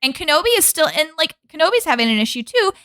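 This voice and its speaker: A woman with a fairly high, bright voice talks casually as a podcast co-host. She is animated, laughs often and swears freely. The sound is dry and close to the mic. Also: fast, no room sound. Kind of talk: casual chat.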